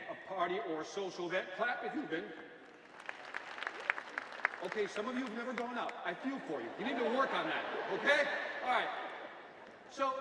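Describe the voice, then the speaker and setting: A man giving a comic motivational speech to a live audience, animated, shouting his punchlines and mimicking people. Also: high-pitched, recorded from a distance, noisy background. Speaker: motivational speaker. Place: large hall with live audience. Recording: echoey hall, from afar, crowd.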